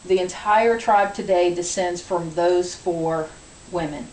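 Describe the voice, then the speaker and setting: A woman giving an informative class speech, measured and explanatory, with frequent ums. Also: fairly low pitch, darkish tone. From Virginia. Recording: distant, echoey room with hiss.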